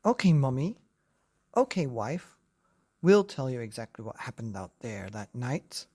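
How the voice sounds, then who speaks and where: Guy playing a flustered gruffalo dad, pitched up, nervous and sheepish. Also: sing-song, a little slow, mellow, full character voice. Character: big sleepy nervous Gruffalo father.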